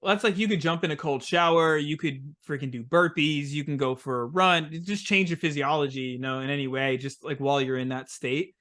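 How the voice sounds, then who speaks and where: A man talking as a podcast guest in a relaxed, rambling way, with lots of "like" and "um". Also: on the high side, fairly quick, few pauses. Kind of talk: casual interview chat.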